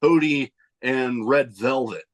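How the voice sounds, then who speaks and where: A man co-hosting a casual podcast chat, animated and swearing freely, a little out of breath. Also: mid-range voice. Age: adult with nieces and nephew. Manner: animated, swearing, quick asides. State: a little winded. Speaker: podcast co-host.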